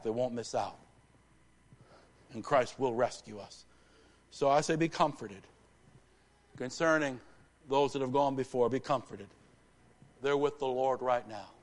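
Emphatic male pastor preaching. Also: medium pitch. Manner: emphatic repetition, swings from hushed to rousing. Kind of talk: live church sermon. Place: church sanctuary.

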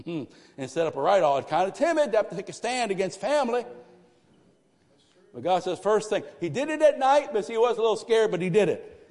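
A man preaching a lively sermon, swinging from loud cries to hushed asides. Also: high voice, fairly quick. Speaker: pastor. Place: church sanctuary. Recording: live church sanctuary with long reverb.

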